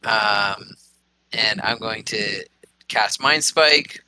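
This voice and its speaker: A man's voice: fairly low pitch, very slow, sharp tone, clean tone, dry recording, poor audio. A man playing a tabletop game over voice chat, hesitant and full of ums while choosing his move. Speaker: player.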